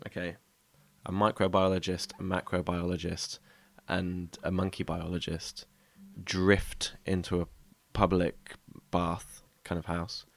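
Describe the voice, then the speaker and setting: A man with a very deep, gravelly voice on a comedy podcast. He teases his co-host and quizzes him on every detail of his joke. His tone is dry and wry. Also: flat delivery, measured pace. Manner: teasing, quizzing questions. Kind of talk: improvised comedy chat.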